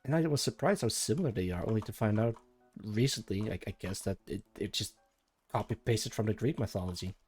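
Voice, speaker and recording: A low-voiced man chatting on a live stream, wandering from tangent to tangent as he thinks aloud. He talks casually to his viewers, with faint music playing behind him. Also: a little fast, a little mellow, breathy edge. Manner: rambling, thinking aloud, talking to chat.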